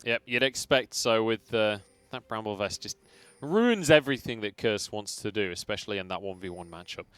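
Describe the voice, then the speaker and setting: A man's voice: lowish voice, animated, normal speed, a bit bright, smooth, dry recording. A man casting a professional esports match, trading jokey banter with his co-caster between calls. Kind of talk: play-by-play and colour commentary.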